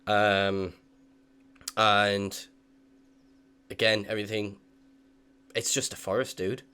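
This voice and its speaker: Low-voiced young man running a game. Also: takes it slowly, smooth. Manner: relaxed, hesitant narration, full of fillers. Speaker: dungeon master. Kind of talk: narrating a tabletop game.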